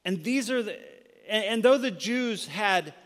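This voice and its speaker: A male pastor preaching a sermon, moving between loud emphatic passages and hushed, near-whispered lines. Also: high-pitched, expressive, unhurried, long reverb tail.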